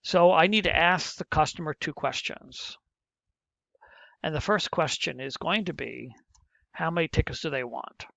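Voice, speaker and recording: A man's voice: on the high side, moderate pace, vocal fry, a bit bright, no echo. A middle-aged male teacher walking through a programming lesson step by step, muttering to himself as he types. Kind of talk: screen-recorded coding lesson. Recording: muffled, dull lo-fi mic.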